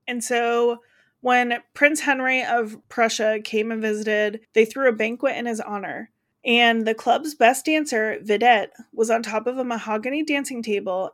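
Casual podcast co-host, American woman, higher voice, laughs easily. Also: a bit bright. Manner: chatty, laughs often, reads quotes aloud.

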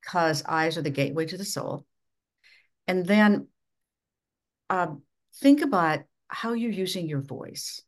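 A middle-aged woman from Minnesota, a leadership coach giving measured, instructive advice as a podcast guest. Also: expressive. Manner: measured, instructive, dramatic swings of pitch and volume. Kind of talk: podcast interview.

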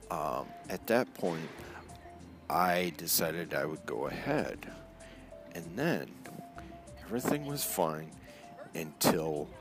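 A man with a very deep, gravelly voice tells a story slowly and unhurriedly. His delivery swings up and down with lively pitch as he acts out the people in it. Clear music plays behind him. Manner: animated, acts out quoted voices. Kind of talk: casual spoken storytelling.

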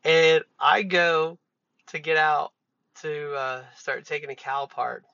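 A man's voice: fairly high pitch, fairly even intonation, slow, gravelly, pushed and bright, no echo. A man hosting a podcast, telling work stories in a loose, profane, casual way with many fillers. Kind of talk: casual storytelling monologue. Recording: dull lo-fi recording.

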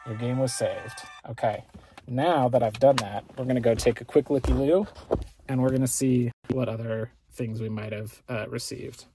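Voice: mid-range voice, steady tone, normal speed, noisy background. A let's play gamer giving casual, rambling commentary on their gameplay and often correcting themselves. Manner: rambling, self-correcting, chatty.

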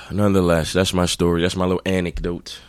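A man's voice: low voice, level tone, moderate pace, clean tone, no room sound. A man hosting his own podcast, telling a rambling, profane anecdote in a blunt, casual way. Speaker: podcast host. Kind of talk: casual storytelling.

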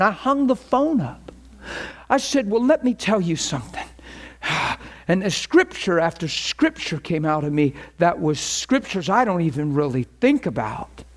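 A middle-aged man preaching, telling a story and acting out both sides of phone calls. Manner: animated, acts out phone calls with rising pitch. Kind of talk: storytelling sermon.

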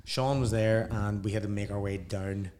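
A man's voice: lowish voice, fairly even intonation, moderate pace, a little mellow, a little hiss or hum. A man, telling travel stories in a casual chat, swearing freely and laughing through his own tales. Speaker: podcast guest.

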